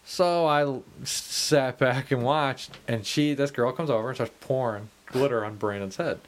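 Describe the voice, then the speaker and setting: Man co-host, rowdy bar-story teller, profane, mid-pitched. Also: moderate pace. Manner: profane, animated storyteller, acts out quotes. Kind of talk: casual storytelling chat.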